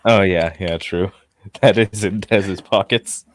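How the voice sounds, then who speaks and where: A man playing a tabletop game, speaking in a measured, hesitant way. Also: low voice, steady tone, a little hiss or hum. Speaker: player. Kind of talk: casual tabletop play.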